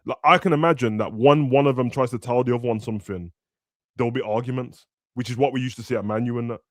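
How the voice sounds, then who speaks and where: Young male football podcast host, animated slang, dry close sound. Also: medium pitch, fast talker, dry recording. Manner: animated, slangy, acts out players in raised voices. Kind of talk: casual football chat.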